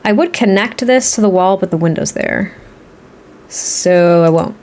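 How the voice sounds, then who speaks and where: Her voice is lowish and darkish in tone, with a measured pace. While live streaming a building session in a game, this woman chats and rambles with her viewers, laughs a lot, and reads out their comments.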